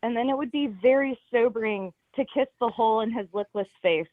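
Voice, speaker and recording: A woman calls in to deliver a deadpan roast, hesitating between her lines. Her voice sits a little high and comes through a tinny phone line. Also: fairly quick, dry recording. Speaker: caller.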